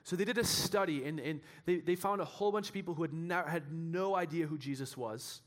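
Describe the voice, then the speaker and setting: Man, pastor, high-pitched, animated sermon, builds to shouting, restarts sentences, church. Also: a little fast.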